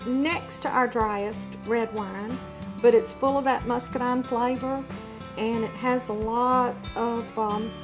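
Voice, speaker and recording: A woman's voice: a little high, fairly even intonation, slow pace, over music. A woman from Southwest Georgia with a Southern accent, demonstrating a recipe on a cooking show in a plain, folksy way. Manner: folksy, explaining steps plainly. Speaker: winery guest.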